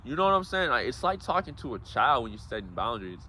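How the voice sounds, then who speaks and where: Bright-voiced man giving a preachy talk. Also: medium pitch, big pitch swings, quick pace, a little hiss or hum. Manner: preachy, addresses viewers as guys and bro. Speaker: self-help speaker. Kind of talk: casual motivational talk.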